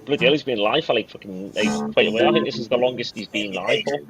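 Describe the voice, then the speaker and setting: A man's voice: mid-range voice, quick pace. A young man chatting casually on a stream, laid-back, saying "aye" and swearing now and then. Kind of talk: casual chat on a live stream. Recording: dull sound with loud guitar music.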